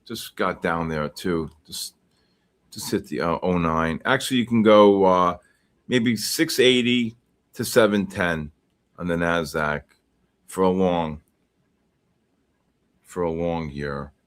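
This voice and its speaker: Excitable man calling live market moves. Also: sits low, slow, pauses often. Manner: excitable, teasing viewers, repeats himself. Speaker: livestream trading host. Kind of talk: live market commentary and chat banter.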